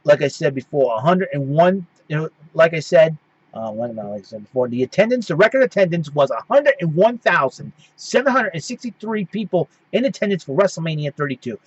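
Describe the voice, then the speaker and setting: A man's voice: a little high, very animated, fairly quick, husky, dry recording, dull audio. A man hosting his own show, giving a casual recap that rambles and keeps restarting its sentences. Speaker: host.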